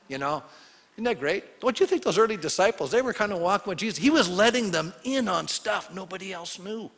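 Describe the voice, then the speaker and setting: A male pastor preaching a sermon in a lively, conversational way, often asking the congregation questions. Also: sits high, brisk. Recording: long hall reverb.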